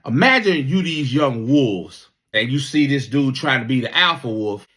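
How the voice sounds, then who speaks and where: Man, 50s, Navy veteran, casual storytelling, profane, lively pitch. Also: moderate pace. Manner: profane, animated, repeats words.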